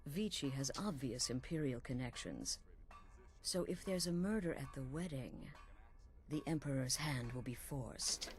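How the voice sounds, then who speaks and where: A scheming female assassin from a game explains her murder plot with calm precision. Her voice sits very low and stays measured and conspiratorial throughout. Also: soft background music. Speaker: game character.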